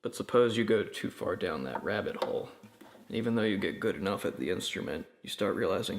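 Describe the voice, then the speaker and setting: A man's voice: low-pitched, expressive, a little fast. A young man delivering a sarcastic, mock-instructional comedy monologue as host of his own video. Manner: sarcastic, mock-instructional, shifts into silly voices. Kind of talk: satirical scripted monologue.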